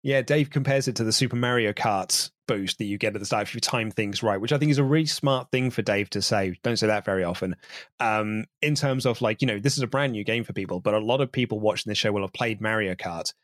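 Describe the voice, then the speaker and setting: A man's voice: fairly low pitch, fast, no echo, clean studio sound. A British man in his thirties co-hosting a podcast in casual chat, laughing often. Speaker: podcast co-host.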